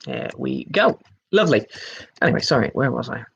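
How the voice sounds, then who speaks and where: A man's voice: medium pitch, big pitch swings, brisk, gravelly, a bit bright, husky, lo-fi sound. Man reading out pub quiz questions. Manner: reads each question twice, chatty asides. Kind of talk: hosting an online pub quiz.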